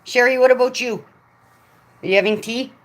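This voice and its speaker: A woman hosting a casual livestream from home, chatting excitedly with viewers by name, talking into a phone propped up in front of her. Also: a little high, normal speed. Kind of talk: casual live chat.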